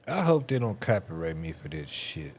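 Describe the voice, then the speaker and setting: Male streamer, low voice, lively swings, loud cursing outbursts. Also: moderate pace. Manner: loud swearing, animated outbursts, reads headlines aloud. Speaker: streamer host. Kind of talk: casual livestream commentary.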